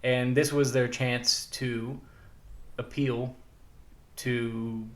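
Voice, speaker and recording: A man with a mid-range voice co-hosts a podcast. His talk is chatty and animated, with plenty of "like" asides. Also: medium pitch, extremely slow. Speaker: podcast co-host. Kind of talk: casual chat.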